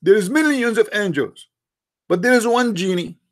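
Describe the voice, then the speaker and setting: A man's voice: high-pitched, animated, normal speed. Mocking, argumentative male live-stream host. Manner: mocking and argumentative, piles up rhetorical questions to viewers; non-native English grammar, frequent restarts. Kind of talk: live-streamed religious debate commentary.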